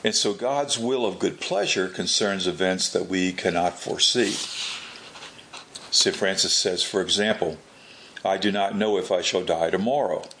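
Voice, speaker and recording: A man with a low, gravelly voice delivers a religious teaching at an unhurried pace. He often restarts his phrases and repeats words as he works through a point. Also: fairly bright tone, a little hiss or hum. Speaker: Catholic preacher.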